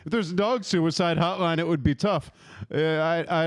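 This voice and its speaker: A man's voice: fairly high pitch, a little slow, dry recording. A man in his thirties doing a profane, rambling stand-up set, laughing at his own jokes and working the crowd. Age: 30s. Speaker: stand-up comic.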